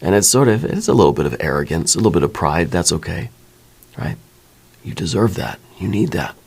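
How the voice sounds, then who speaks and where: Low-voiced man giving calm tarot readings. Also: creaky, slightly rough. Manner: reassuring, unhurried, frequent "right?" tags. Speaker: tarot reader. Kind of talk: soft-spoken ASMR tarot reading.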